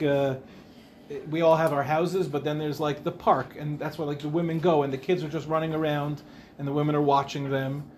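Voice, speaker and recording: In Ramat Beit Shemesh, a male rabbi with a slightly mellow, high-side voice leads a casual Torah class. He rambles chattily and frequently pauses to put questions to his audience, with slight background noise audible.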